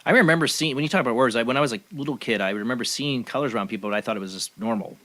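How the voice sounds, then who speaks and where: A man hosting a casual talk show. He speaks earnestly, rambling a little and leaning on fillers as he works through his thoughts. His voice sits at an everyday middle pitch. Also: rapid-fire, fairly bright tone. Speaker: host. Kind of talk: casual interview chat.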